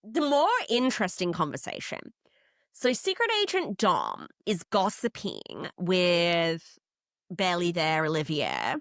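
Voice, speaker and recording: A young Australian woman co-hosting a casual recap chat, animated and gossipy, often slipping into comic voices. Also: lowish voice, a little slow, no echo, studio quality. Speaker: podcast co-host.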